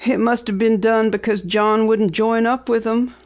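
A woman's voice: a little high, fairly even intonation, moderate pace, darkish tone, muffled recording, pitched above the performer's own voice, lightly acted. Woman putting on a fretful, guarded farm wife. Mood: angry. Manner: pleading, tense.

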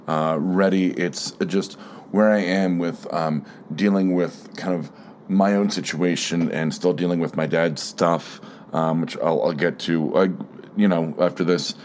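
A man with a very low voice hosts his own podcast alone, rambling through his thoughts with lots of fillers, restarts and searching for words. A slight frog sits in his throat, and faint room noise hums behind him. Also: steady tone, measured pace, darkish tone. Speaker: podcast host. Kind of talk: casual solo monologue.

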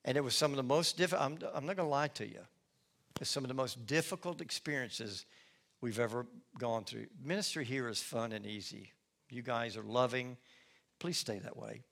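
Folksy middle-aged pastor preaching. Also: male voice, medium pitch, normal speed, creaky, fairly bright tone. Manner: folksy storytelling with self-deprecating humor. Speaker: lead pastor. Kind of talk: sermon with personal testimony.

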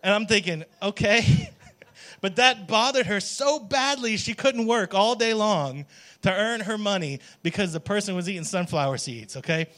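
A man's voice: high voice, animated, normal speed, fairly bright tone. A worship pastor, a man, preaching a jokey, conversational sermon and often checking in with "right?". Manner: conversational, keeps asking "right?"; jokey, calls on the congregation.

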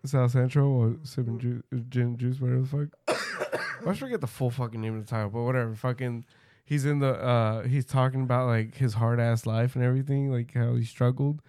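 A man's voice: mid-range voice, steady tone, fairly quick, a little mellow. A young man in casual chat, swearing freely and joking while eating.

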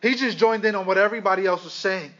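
High-voiced man preaching a sermon. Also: sharp tone. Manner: dramatic pauses, addresses listeners as guys. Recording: slightly dull lo-fi sound.

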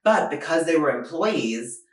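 A man's voice: on the high side, big pitch swings, measured pace, far from the mic. A young man from Asia performing a self-mocking stand-up comedy monologue, acting out his lines in raised voices. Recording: echoey room.

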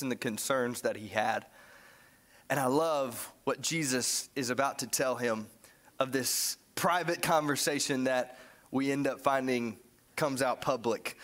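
A man preaching a sermon in a church, animated and joking as he acts out the story. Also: mid-range voice. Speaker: pastor.

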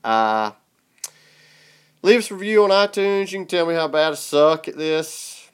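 A man's voice: on the high side, a little slow, clear, resonant tone. A man with a Southern US drawl hosting a podcast in casual chat, laid-back and a bit congested from a sinus infection. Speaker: podcast host.

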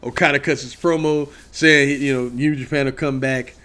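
A man casually recounting a trip in a profane, excitable rant, peppered with "you know what I mean.". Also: medium pitch, moderate pace, slight background noise.

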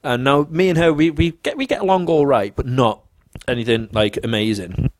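A man, chatting casually as a podcast co-host and telling animated stories, jumping into the voices of people he quotes. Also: normal speed, noisy background. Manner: animated, acts out quoted voices with big pitch jumps. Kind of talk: casual storytelling chat.

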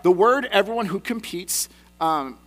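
A man's voice: high voice, lively intonation, a little slow, a bit bright. A man in his thirties, a pastor preaching a sermon in a conversational, self-deprecating way with personal asides.

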